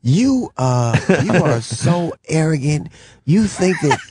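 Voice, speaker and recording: A man's voice: on the high side, very animated, slow, a crowd in the background. A man hosting a radio talk show, chatting and joking casually with lots of swearing.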